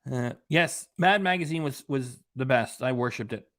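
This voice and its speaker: A man's voice: mid-range voice, a bit bright, no echo. A man hosting a reaction channel, giving sarcastic, rambling casual commentary.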